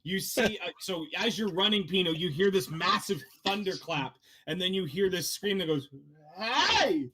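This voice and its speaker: A man narrating a tabletop game as game master, halting often with ums and likes as he describes scenes. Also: high-pitched, a bit bright.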